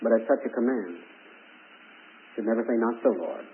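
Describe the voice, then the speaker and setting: A man's voice: medium pitch, moderate pace, slight background noise. A man preaching a sermon with emphatic rises on key words. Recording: tinny phone-like old recording.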